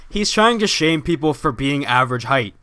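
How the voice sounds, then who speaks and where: A man's voice: on the high side, lively intonation, a little slow, bright, forceful tone, no echo, clean studio sound. A young man co-hosting a podcast, chatting casually with wry jokes and rambling asides. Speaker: podcast co-host. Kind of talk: casual wrestling chat.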